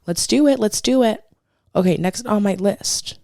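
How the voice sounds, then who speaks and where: A woman's voice: mid-range voice, moderate pace, creaky, mellow, no room sound. A woman co-hosts a casual podcast, spinning gossip in a chatty, loose way. Her voice sits in a middle register. The sound is dry and close, with no room around it. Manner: chatty gossipy storyteller, swears freely. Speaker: podcast co-host. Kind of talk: casual chat.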